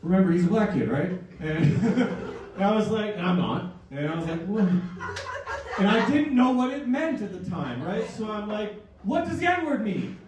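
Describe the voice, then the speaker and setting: A man in his thirties from Canada delivers a rambling, self-deprecating stand-up set in a fairly high voice. He is picked up from a distance in a very echoey comedy club. Audience laughter rises around him. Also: sing-song, moderate pace, crowd noise. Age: 30s.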